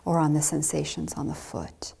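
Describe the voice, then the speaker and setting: A woman giving a dharma talk as a Zen teacher, speaking softly and gently with light laughs. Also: deep voice, level tone, normal speed, gravelly, breathy edge.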